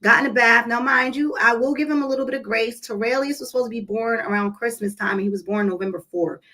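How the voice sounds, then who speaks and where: A woman vlogger telling a personal story to her viewers in a casual, animated and emphatic way. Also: fairly high pitch, fast talker, poor audio.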